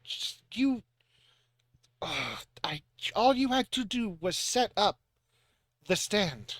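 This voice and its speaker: A man's voice: on the high side, very animated, unhurried, a bit bright, no echo, studio quality. A man voicing a fussy, doting middle-aged mother in a put-on vague Eastern European accent, scolding and fretting.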